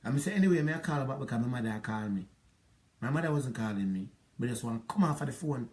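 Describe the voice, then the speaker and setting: Man, Jamaican accent, middle-aged, rambling aggrieved patois storytelling, mid-pitched voice. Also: animated, fast talker, darkish tone. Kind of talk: monologue recounting a past relationship.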